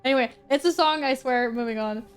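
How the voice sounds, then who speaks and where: A woman's voice: sits high, a little fast, clear, resonant tone. A woman streamer chatting casually and giggling with her chat as she plays. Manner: bubbly, giggly, talks to chat. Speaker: game streamer.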